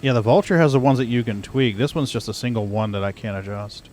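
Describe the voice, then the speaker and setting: Talking fast in a medium-pitched, slightly mellow voice, a US-based streamer rambles easily as he plays. The gaming chat is relaxed, with slight background noise behind it.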